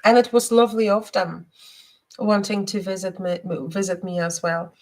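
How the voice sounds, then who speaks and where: A woman hosting a live stream and giving spiritual readings, talking gently with many hesitations and repeated words. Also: medium pitch, normal speed. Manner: soft and gentle, guiding breathing.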